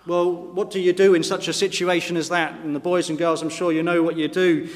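A man with a high-pitched voice delivers a sermon, earnest and emphatic, building in force at the key points. His words carry a long reverb, as if heard in a church hall. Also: flat delivery, brisk. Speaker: pastor.

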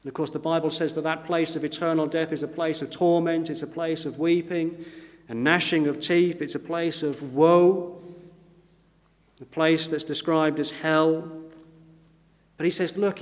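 A man preaching a sermon in an earnest style, slowing down whenever he quotes scripture. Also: fairly high pitch, in a large hall. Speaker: pastor. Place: church.

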